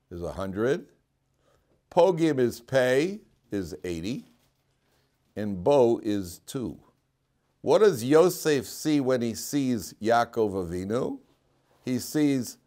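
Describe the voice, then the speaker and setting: A man teaching a Torah class as a rabbi, telling stories in a lively way, acting out quotes and often laughing. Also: medium pitch. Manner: animated storyteller, acts out quotes and laughs often. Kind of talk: storytelling Torah lecture.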